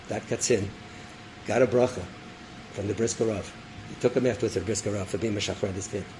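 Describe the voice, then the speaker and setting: A rabbi telling a story in a sermon, animated, acting out voices and dropping in Hebrew terms. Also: male voice, lowish voice, a little hiss or hum, low-quality recording. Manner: animated storyteller, acts out characters, laughs; sprinkles Hebrew and Yiddish terms.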